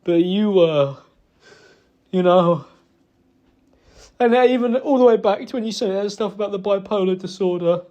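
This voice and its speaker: The recording is muffled as a young man with a high-pitched voice privately apologises to his partner. His remorse comes out haltingly, with stumbling fillers and swearing.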